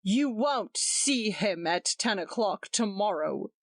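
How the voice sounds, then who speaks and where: A woman's voice: mid-range voice, lively intonation, takes it slowly, dry recording, studio quality. A woman reading aloud voicing a tense young husband who speaks shortly, steadily and coldly. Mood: stern.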